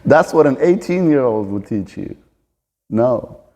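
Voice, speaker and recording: A fitness and fighting coach in his forties gives a motivational talk straight to camera, earnestly and directly coaching the listener on staying fit. His mid-range voice is mellow, relaxed, and a little slow, with the long reverb of a big gym room around him.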